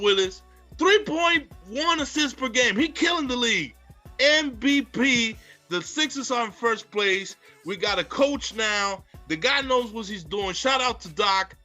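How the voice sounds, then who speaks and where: High, bright-voiced hyped man. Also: expressive, normal speed, faint music behind. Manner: hyped, boastful, playful. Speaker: podcast co-host. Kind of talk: casual sports chat.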